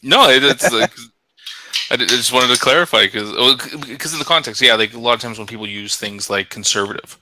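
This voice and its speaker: A man's voice: medium pitch, brisk, pushed and bright, poor audio. A man from Canada explaining at length in a casual group chat, with many fillers and restarts. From Canada (British Columbia).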